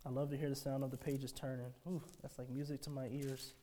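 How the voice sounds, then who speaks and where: Emphatic male preacher, mellow voice. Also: mid-range voice, level tone, fairly quick, a little hiss or hum. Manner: emphatic, with rhetorical questions to the congregation; swings between hushed phrases and forceful declarations. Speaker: pastor. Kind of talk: sermon.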